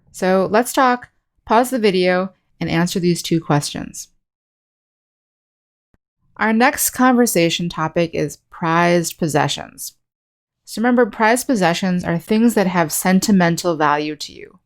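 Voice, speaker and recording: Woman teaching an English lesson clearly. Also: fairly low pitch. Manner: clear, slow, teacherly explanation with example sentences. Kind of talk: scripted online lesson.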